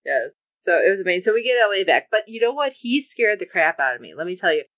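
A woman's voice: medium pitch, fast talker, no room sound. A woman co-hosting a podcast, chatting casually about a TV episode and acting out characters' lines. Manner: animated, acts out characters' lines. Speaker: podcast co-host. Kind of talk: casual TV recap chat. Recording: dull lo-fi recording.

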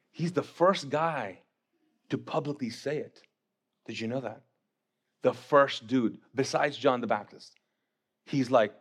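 Animated pastor, man preaching. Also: a little high, breathy edge. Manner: animated, acts out voices of Bible figures, joking asides. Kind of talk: sermon.

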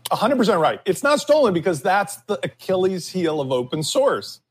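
Panel co-host, male, slightly high husky voice, forceful and opinionated. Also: sing-song, normal speed. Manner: opinionated, emphatic, drags out key words. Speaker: podcast co-host. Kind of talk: casual panel discussion.

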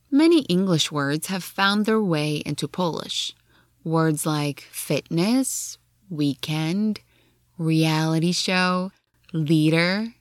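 American woman, English teacher, podcast lesson, low-ish voice, calm, dry close sound. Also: no echo. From United States. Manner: calm, explains with worked examples.

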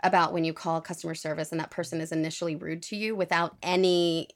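Gravelly-voiced woman co-host, chatty. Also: on the low side, flat delivery, quick pace. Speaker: podcast co-host. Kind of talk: casual chat.

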